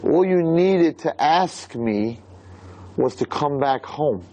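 A man's voice: fairly high pitch, expressive, slow, warm tone. A man playing an eager kindly old king. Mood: tender.

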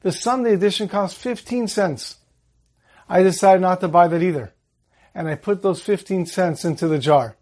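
High-voiced man giving a Torah talk. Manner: calm storytelling, slows on Hebrew verses. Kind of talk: holiday Torah talk with a story.

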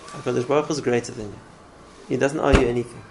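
Gravelly-voiced man teaching a religious class. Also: medium pitch, fairly even intonation, racing, noisy background. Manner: earnest, repeats words, restarts phrases. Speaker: Torah teacher.

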